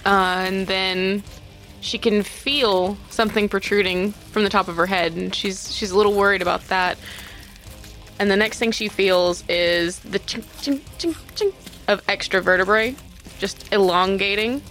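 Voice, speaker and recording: A woman's voice: mid-range voice, fairly even intonation, a little slow, fairly bright tone, soft background music. A woman playing a tabletop game, describing her character's transformation thoughtfully and vividly. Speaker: player.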